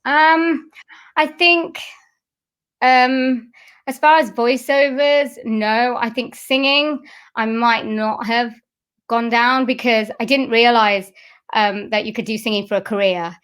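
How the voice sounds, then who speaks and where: A woman's voice: fairly high pitch, fairly even intonation, slow pace, a bit bright, clear, resonant tone. A middle-aged woman, a voice-over artist and singer, chatting in an interview with many fillers and restarts. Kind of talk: casual interview chat.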